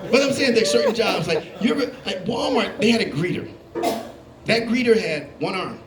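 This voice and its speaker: A man doing a stand-up comedy set, telling animated stories and acting out the voices of the people in them. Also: sits high, a little fast, noisy background. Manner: animated storytelling, acting out voices, laughing along. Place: comedy club stage. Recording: roomy club with live audience. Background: audience laughing.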